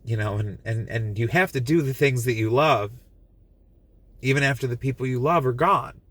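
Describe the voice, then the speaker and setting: A man's voice: medium pitch, moderate pace, fairly bright tone, no room sound. A man giving a casual, earnest film review to camera, gushing and emotional, often restarting and repeating himself. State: emotional, moved.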